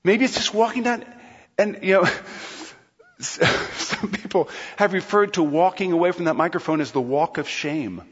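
A male pastor preaching a sermon in a large church hall, lively and playful, often acting out quotes. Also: high-pitched, normal speed, slightly rough. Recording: long hall reverb, dull sound.

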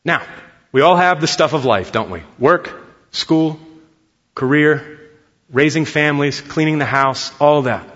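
A man's voice: on the high side, measured pace, long pauses, a bit bright. A man in his thirties preaching a sermon as a pastor, earnest and conversational, prompting the congregation to answer. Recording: dull, long-reverb hall sound.

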